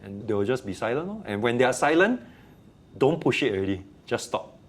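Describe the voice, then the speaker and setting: A man's voice: medium pitch, fast. A man with a Singaporean accent, a teacher telling classroom stories in a casual interview and acting out the quotes. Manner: animated storyteller, acts out quotes.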